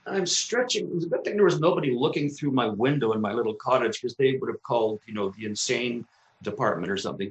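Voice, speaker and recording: Speaking quickly and expressively in a mid-range voice, this co-host shares a vivid story from his own life, acting out his exclamations and swearing liberally. Echo from the room is noticeable.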